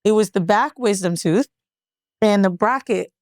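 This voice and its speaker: A woman co-hosting a podcast, telling a long story in casual, profane chat with lively voiced quotes. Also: medium pitch, unhurried, no echo, clean studio sound. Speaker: podcast co-host.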